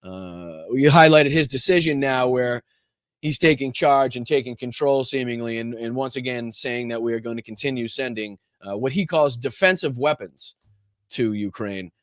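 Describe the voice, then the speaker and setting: A man's voice: mid-range voice, normal speed, no room sound, clean studio sound. A man hosting a casual political livestream, talking with lots of ums and uhs and greeting viewers in the chat by name. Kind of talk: casual live-stream commentary.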